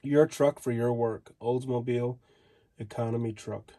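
A man's voice: mid-range voice, steady tone, normal speed, warm tone. A man flipping through an old magazine, reading ad headlines aloud in fragments and adding offhand casual remarks.

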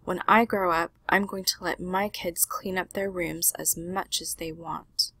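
A woman voicing a neat little boy pig who pleads and whines to be allowed to tidy up, in a slow, husky storybook reading. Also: fairly low pitch, fairly even intonation, bright, forceful tone, no room sound, heavily acted. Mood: pleading. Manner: whiny, pleading.

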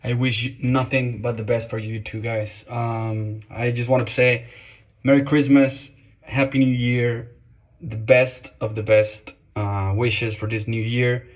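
A man sending loud, friendly holiday wishes in a short video greeting. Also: medium pitch, level tone, a little slow.

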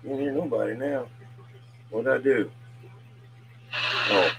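A man's voice: medium pitch, slow pace. Southern man on a static-filled CB radio. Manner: folksy, calls out loudly over the air. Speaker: CB radio operator. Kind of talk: casual CB radio chat. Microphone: CB radio handset.

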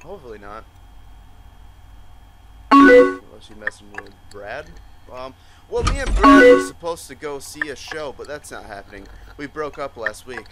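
A gaming YouTuber plays a chat-based video game, reading the messages aloud in mock voices for his let's play commentary. His voice is a little high and a little slow, with frequent pauses and music in the background. He's animated, swearing and laughing often.

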